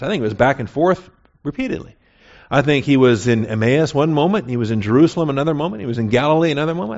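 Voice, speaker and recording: A man's voice: on the high side, lively intonation, fast, a little mellow. Man teaching Bible class, dull lo-fi sound. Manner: conversational, often checks in with "all right?". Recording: dull lo-fi recording.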